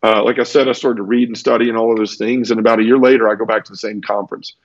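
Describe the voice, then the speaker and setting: A man's voice: fairly low pitch, steady tone, racing, no echo, highs cut off. A man earnestly telling his personal conversion story in a conversational interview, tumbling through it with restarts. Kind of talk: conversational testimony.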